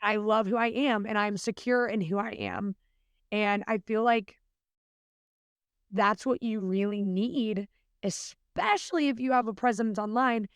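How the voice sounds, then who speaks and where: A woman's voice: mid-range voice, a little slow, clear, resonant tone, no room sound, studio quality. A young adult woman, a podcast guest, talking in an earnest, chatty way with lots of fillers. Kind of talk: casual podcast interview.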